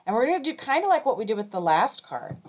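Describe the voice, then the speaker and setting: A woman's voice: a little high, very animated, fast, noisy background. A woman teaching a craft lesson step by step, chatty, often checking in with "okay?" and correcting herself as she goes. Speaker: crafting instructor.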